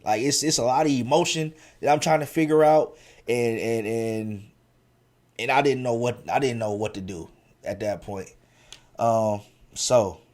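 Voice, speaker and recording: Guy from ohio on his podcast, slangy chatty storytelling, restarts a lot, mid-pitch voice. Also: a little mellow. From central Ohio. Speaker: podcast host. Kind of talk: casual storytelling monologue.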